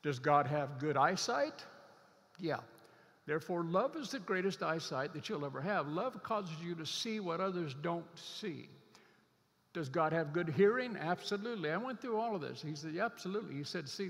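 A man preaching a sermon as a pastor, earnest, slowing down and stretching key scripture words to drive them home. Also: fairly high pitch, creaky, a bit bright, long reverb tail.

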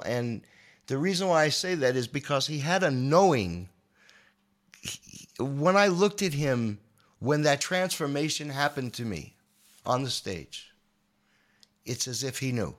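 A man in his sixties, a guest guitarist on a podcast, telling an emotional story in an animated, manic way and often repeating his words. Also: medium pitch, a little slow, pauses often.

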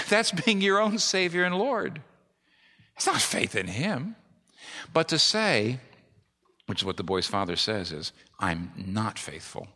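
A man's voice: a little high, wildly swooping pitch, a little slow, pauses often, pushed and bright. A middle-aged male pastor preaching a sermon with emphatic repetition. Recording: long reverb of a large hall.

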